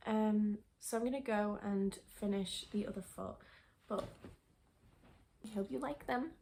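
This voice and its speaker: Chatty young woman with a gravelly edge. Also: medium pitch, fairly even intonation, takes it slowly, pauses often, warm tone. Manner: chatty, rambling, frequent restarts and fillers. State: out of breath. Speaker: lifestyle vlogger. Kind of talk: casual sit-down chat to camera.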